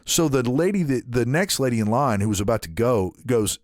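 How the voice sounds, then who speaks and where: Animated man telling a story. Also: mid-range voice, fairly quick, no echo, clean studio sound. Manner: animated, acts out quoted people in shifting voices. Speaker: podcast co-host. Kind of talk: casual storytelling chat.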